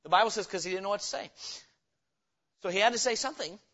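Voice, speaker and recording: A man preaching a sermon as pastor, reading scripture slowly and breaking into sudden loud, emphatic bursts. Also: high voice, dull audio.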